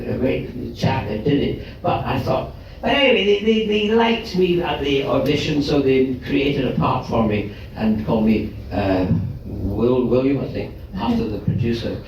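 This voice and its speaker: An older man, a guest actor, telling animated stories at a live event, often chuckling and breaking off mid-sentence to restart. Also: medium pitch, muffled recording. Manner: animated, chuckling, self-interrupting storyteller. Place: live event venue with audience. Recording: very echoey live room from far off, faint noise.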